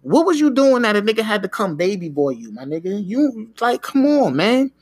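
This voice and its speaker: A man's voice: sits high, very animated, husky, no echo. A man hosting a podcast, ranting in a casual, emphatic way. He swears freely and keeps tossing in "man" and "yo". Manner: emphatic, profane, repeats "man" and "yo"; talks in quick bursts. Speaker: podcast host.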